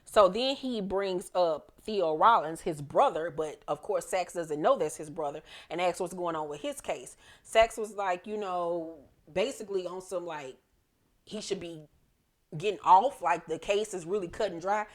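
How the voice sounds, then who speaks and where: A woman's voice: on the low side, moderate pace. A woman casually recapping a TV episode, chatty and profane, acting out the characters' lines as she goes. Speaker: TV episode reviewer.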